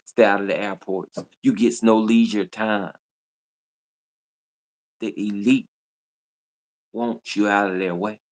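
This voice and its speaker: A man's voice: on the low side, steady tone, slow, pauses often. A man, scolding his audience in a repetitive, confrontational livestream rant. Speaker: livestream host. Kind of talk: ranting livestream monologue.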